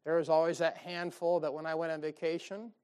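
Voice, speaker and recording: A man's voice: a little high, little pitch movement, a little fast, a little mellow, clean tone. A man preaching a sermon in a folksy, emphatic way, with many asides to his listeners. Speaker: pastor.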